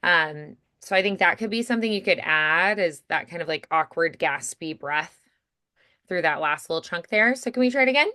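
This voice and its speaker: A woman voice coach giving relaxed, chatty feedback, filling her talk with "like" and "you know" and slipping into example lines. Her voice sits a little low and sounds smooth and clear. The recording is dry and close. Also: normal speed, dry recording. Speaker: voice acting coach.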